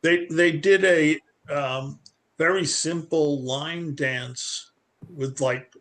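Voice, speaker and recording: A man's voice: on the high side, extremely slow, a bit bright. A man on a video call, telling a story in a plain, easygoing way. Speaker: participant. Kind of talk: casual video call chat.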